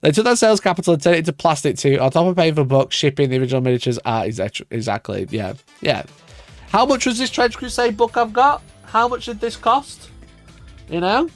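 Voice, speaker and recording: A man's voice: a little high, a little fast, no echo, faint music behind. A man ranting on a casual livestream, exasperated and sarcastic, swearing often and laughing at himself. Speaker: wargaming YouTuber reacting to a video.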